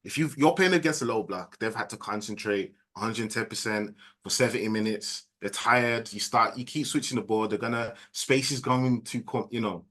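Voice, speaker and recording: This Brummie man has a bright, forward, slightly tense tone. He chats about football in a relaxed, conversational way as a guest pundit. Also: medium pitch. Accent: Birmingham. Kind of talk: casual football chat.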